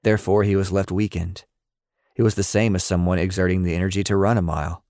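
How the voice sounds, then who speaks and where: A man reading a story aloud in scripted narration, with a steady, measured delivery. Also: low-pitched, no room sound, clean studio sound.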